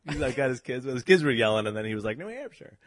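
A man telling stories in casual chat, animated and laughing, acting out the voices of people he quotes. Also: medium pitch, rapid-fire, no echo, clean studio sound. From New England. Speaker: guest, event emcee. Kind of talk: casual storytelling.

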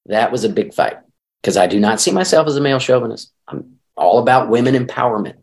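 In an animated podcast interview, a middle-aged marriage counselor talks through his ideas conversationally. His mid-range voice moves at a quick pace and carries vocal fry.

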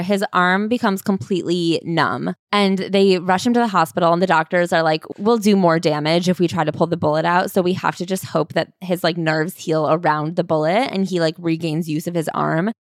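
A woman co-hosting a podcast, casually retelling a book with a relaxed, chatty manner and lots of "like". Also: on the low side, normal speed, hardly any pauses, no room sound, clean studio sound. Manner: relaxed storyteller, peppered with "like". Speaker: podcast co-host. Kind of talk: casual book-summary chat.

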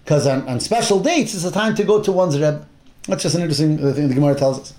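A man's voice: on the high side, quick pace, a little mellow. A man teaching a Torah class, retelling a Bible story with acted-out quotes and Hebrew terms. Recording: roomy echo.

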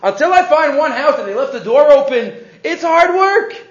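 Animated high-voiced man teaching Torah. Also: moderate pace, reverberant, muffled recording. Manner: animated storytelling, mixing Hebrew and English, frequent restarts. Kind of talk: weekly Torah class.

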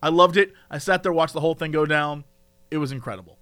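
A man co-hosting a casual chat, telling an animated story and laughing often. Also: on the high side, fast talker, smooth, dry recording. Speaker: podcast co-host.

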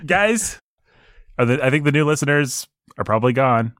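A man's voice: medium pitch, expressive, normal speed, a bit bright, no echo, studio quality. A man co-hosting a podcast in a playful, casual manner, asking his co-host questions. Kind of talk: casual discussion.

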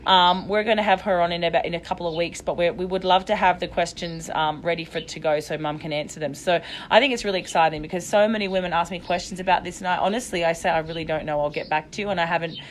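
A woman triathlon coach, chatty and excitable in a casual live chat. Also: lowish voice, quick pace, hardly any pauses, a little hiss or hum.

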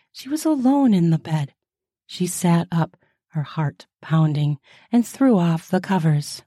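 A woman hosting a podcast, reading erotic fiction aloud in a slow, soft, intimate way. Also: fairly low pitch, no room sound, studio quality.

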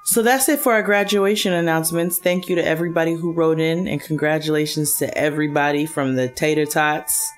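A woman's voice: low voice, a little fast, few pauses. A woman co-hosting a podcast, playfully reading listener emails aloud and joking around. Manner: playful, laughs often, jokes while reading. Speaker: podcast co-host.

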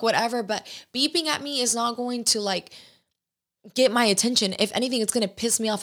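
A woman's voice: medium pitch, fairly bright tone. A young adult woman hosting her own podcast, talking in a casual, rambling way with lots of fillers and restarts. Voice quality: chatty, many fillers and restarts. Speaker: podcast host. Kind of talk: casual chat.

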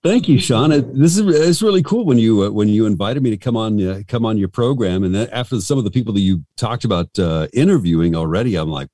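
Deep-voiced, chatty middle-aged man. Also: lively intonation, fast, few pauses, mellow, no room sound, studio quality. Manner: rambling, chatty, self-deprecating with many restarts. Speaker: radio host and voice actor. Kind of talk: casual interview storytelling.

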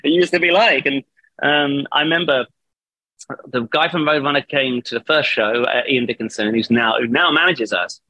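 Guy rambling thru a story on a video call, bright voice, dry sound, laughs a lot. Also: medium pitch, normal speed, no room sound. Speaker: band vocalist, guest. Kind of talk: casual interview over video call.

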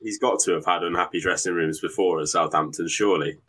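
A man's voice: low-pitched, steady tone, quick pace, pushed and bright. A man co-hosting a casual football podcast, jokey and teasing. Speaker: podcast co-host.

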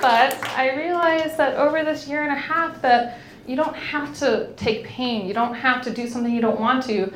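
A woman's voice: sits high, normal speed, background noise. A young woman hosting a podcast, chatting candidly and frankly, swearing freely and laughing often. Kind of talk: candid casual chat. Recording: roomy echo.

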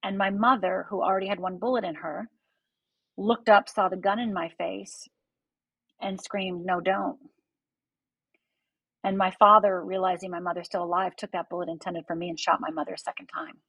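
A woman's voice: lowish voice, fairly even intonation, a little fast, gravelly, fairly bright tone, husky, no echo, highs cut off. A middle-aged woman, a life coach appearing as a guest, telling her personal story in an earnest, vivid way and speaking straight to the listener. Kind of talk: personal storytelling in a podcast interview.

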